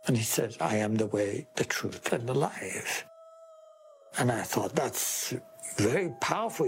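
A middle-aged man from Iran with an Iranian accent, telling his story earnestly in an interview. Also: mid-range voice. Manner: slow, earnest, emphatic storytelling. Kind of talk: testimony interview.

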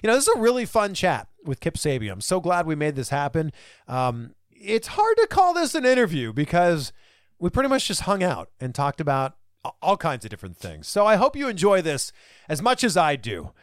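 A man from Canada hosting an interview. His voice moves around a lot in pitch, and he keeps things upbeat and friendly, often laughing. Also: wildly swooping pitch, a little fast. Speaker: interviewer host. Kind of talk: casual interview chat.

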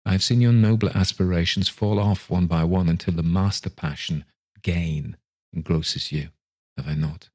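A man reading a story aloud, voicing a gentle young woman who softly and steadily lets her sweetheart go. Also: low-pitched, fairly even intonation, normal speed, slightly rough. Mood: gently sorrowful.

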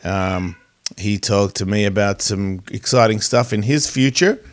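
A man's voice: lowish voice, measured pace. A man hosting a podcast in casual chat, rambling, profane and easily sidetracked, recorded in a home studio. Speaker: podcast host. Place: home studio with a pet cat nearby.

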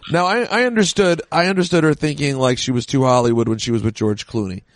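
A man talking casually on a podcast while an old match plays, cracking jokes and drifting into rambling asides. His voice sits at an ordinary middle pitch. The sound is dry, with no room echo. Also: fast. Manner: chatty, jokey, rambling asides. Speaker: podcast co-host.

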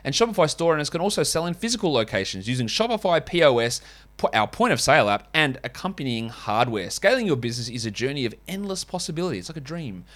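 A man's voice: a little high, big pitch swings, fast talker, a bit bright. Man, podcast host, casual and wry, rambling asides. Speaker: fantasy basketball podcast host. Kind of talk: casual podcast chat and host-read ads.

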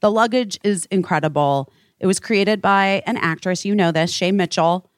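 A woman hosting a live podcast chat on stage, telling stories in a lively, profane, casual way. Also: medium pitch, normal speed, dry recording, studio quality. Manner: animated, swearing storyteller. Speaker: podcast host.

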